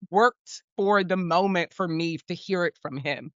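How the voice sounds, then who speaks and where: A woman co-hosting a podcast, talking about film in a casual, animated and emphatic way, sometimes swearing. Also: lowish voice, measured pace, no echo, muffled recording. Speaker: podcast co-host.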